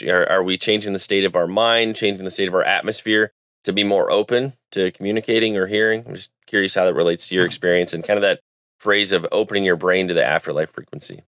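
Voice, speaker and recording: A man hosting a podcast, with a very low, smooth, resonant voice. The sound is dry and close, and he asks his question in a thoughtful, searching way. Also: steady tone, fast talker, a bit bright, no room sound. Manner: thoughtful, searching phrasing with restarts. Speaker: podcast host. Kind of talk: interview question.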